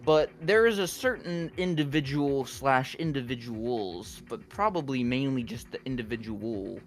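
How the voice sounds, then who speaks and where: Guest spot: young man, mid-pitched, loose and rambling podcast talk, music faint behind. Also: a little slow. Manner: rambling, filler-heavy, candid. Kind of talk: casual podcast chat.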